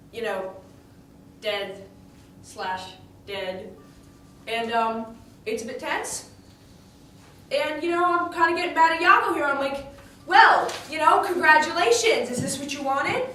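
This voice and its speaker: A woman with a high voice tells a story in character, chatty and indignant, tripping over restarts. She sounds far from the mic in a very echoey room with a faint hum of ambience behind her. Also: measured pace, pauses often, pushed and bright. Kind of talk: in-character monologue retelling a tragedy.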